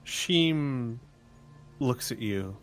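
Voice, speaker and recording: A man narrating as game master of a tabletop game, giving calm, matter-of-fact rulings. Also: mid-range voice, very slow, faint music behind.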